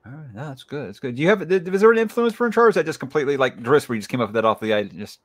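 A man's voice: medium pitch, sing-song. A male podcast host chatting with a guest, speaking as an enthusiastic fan. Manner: fast-talking, enthusiastic fan. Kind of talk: casual interview chat. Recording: dry close-miked sound.

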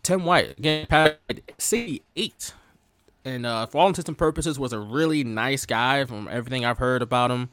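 A man's voice: mid-range voice, a bit bright, no echo. A man hosting a wrestling podcast, chatting casually with a co-host, laughing often and filling his talk with fillers. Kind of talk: casual chat.

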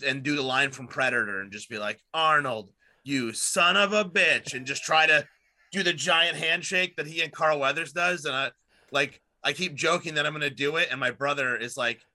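A man in his thirties with a very bright, forward voice, talking casually and rambling through stories. He fills every pause with fillers and swears freely. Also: medium pitch. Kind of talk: casual chat.

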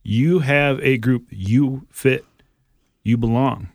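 A man's voice: mid-range voice, slow pace, dry recording, clean studio sound. A man co-hosting a faith podcast, speaking in an encouraging, preacherly way. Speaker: podcast co-host. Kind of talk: casual faith podcast chat.

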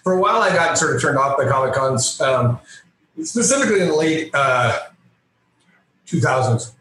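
A man, a comic book artist and guest, telling a lively, self-mocking story in a casual interview. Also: mid-range voice, moderate pace, heavy reverb, a little hiss or hum, low-quality recording. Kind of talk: animated anecdotal storytelling.

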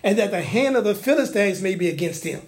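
A man preaching a sermon, animated and humorous, with laughing asides and colloquial speech, acting out the lines he quotes. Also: sits high, fast. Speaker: pastor.

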